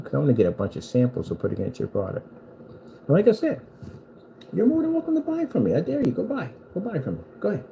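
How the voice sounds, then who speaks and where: A man's voice: a little high, vocal fry, dark tone, a little hiss or hum, low-quality recording. A man delivering a boastful, taunting rant at a rival screen maker, repeating himself for emphasis. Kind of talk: trash-talking rant at a rival.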